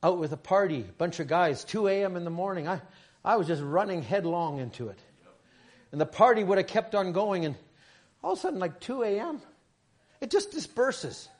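A middle-aged man preaching a sermon in a high voice. He stumbles and repeats himself as he starts sentences, then builds his points up into shouted lines. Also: animated, moderate pace. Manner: stammering restarts, rising to shouts.

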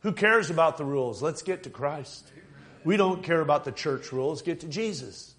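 Fervent male preacher with a high voice. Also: animated, normal speed. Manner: fervent, rising to near-shouting passion. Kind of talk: fervent sermon. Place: church service.

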